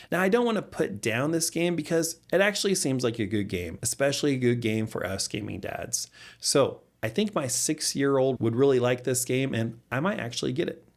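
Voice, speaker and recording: A man in his thirties, a father hosting a gaming channel, talking casually through game news with easy laughs and relaxed asides. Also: mid-range voice. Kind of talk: casual commentary vlog.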